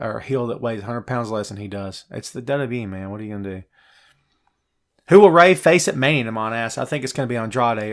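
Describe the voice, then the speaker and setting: A man's voice: medium pitch, vocal fry, fairly bright tone. Chatty man hosting a wrestling show. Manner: chatty and opinionated, addresses viewers by name. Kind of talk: live show answering viewer chat.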